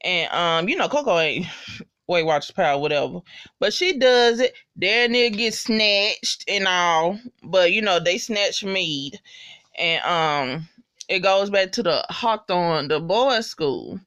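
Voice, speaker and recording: A woman giving a casual, slangy, profanity-laced spoken recap of a TV episode, loud and gushing. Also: fairly low pitch, lively intonation, slow pace, dry recording, clean studio sound.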